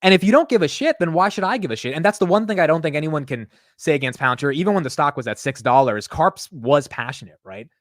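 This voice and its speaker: A man's voice: fairly high pitch, animated, quick pace, few pauses, no echo, studio quality. A young man hosting a casual livestream about the stock market, talking in a blunt, opinionated way and swearing now and then. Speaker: market commentary host.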